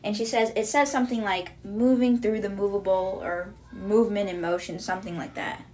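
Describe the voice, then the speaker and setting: A woman hosts a podcast and walks through book chapters in a relaxed recap. She retells the story in a chatty way, catching her own slips as she goes. Her voice sits at an ordinary, middle pitch. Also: brisk, slight background noise. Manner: stumbles over words then corrects herself. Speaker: podcast host.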